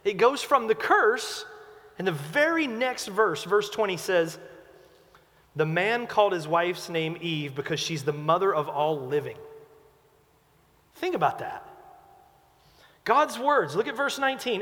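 A pastor preaching a sermon with emphatic delivery, swinging between loud urgent lines and quiet hushed ones. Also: male voice, high-pitched, expressive, unhurried, pauses often, long reverb tail.

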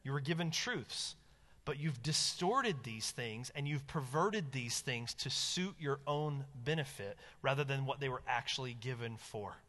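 A man preaching a sermon as pastor, animated and emphatic, dropping his voice low to stress a point. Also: a little slow, long reverb tail.

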